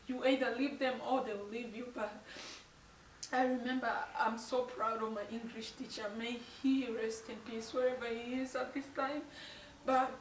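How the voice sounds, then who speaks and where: A woman's voice: fairly high pitch, fairly even intonation, moderate pace, echoey room, far from the mic, a little hiss or hum, poor audio. A young woman from Tanzania telling a personal story on her vlog, emotional and apologetic, laughing through tears. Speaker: vlogger.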